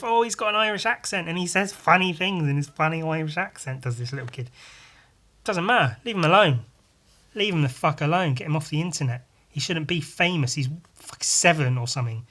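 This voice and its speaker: A man's voice: mid-range voice, a bit bright. A man hosting a casual solo podcast, ranting bluntly and sarcastically with lots of swearing while he draws at his desk at home. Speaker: podcast host.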